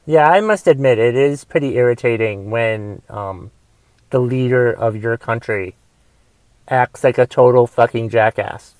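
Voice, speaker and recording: A young man hosting a comedy podcast, delivering a profane solo rant that swings between shouting and mumbled asides. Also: medium pitch, unhurried, no echo. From United States. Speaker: podcast host and stand-up comedian.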